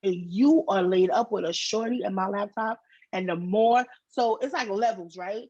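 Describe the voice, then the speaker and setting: A middle-aged New woman spins a long story on her podcast, slangy and animated. Her voice is husky, with a dry, close feel. The recording is a little dull and lo-fi. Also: mid-range voice, normal speed, dry recording. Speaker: podcast co-host. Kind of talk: casual storytelling chat. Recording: dull, slightly lo-fi sound.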